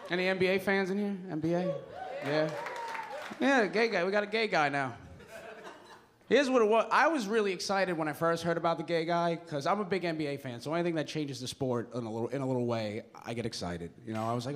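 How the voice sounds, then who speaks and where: High-voiced young man doing stand-up. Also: fast talker, a bit bright. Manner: crude, self-mocking storytelling. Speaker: stand-up comedian. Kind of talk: stand-up comedy set. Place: comedy club stage. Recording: live club recording with audience noise.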